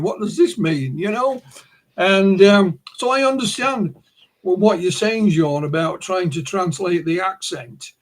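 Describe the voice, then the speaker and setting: A man from the north of England with a northern English accent, an author answering interview questions in an anecdotal way. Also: high voice. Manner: anecdotal, with repeated "you know" and restarts.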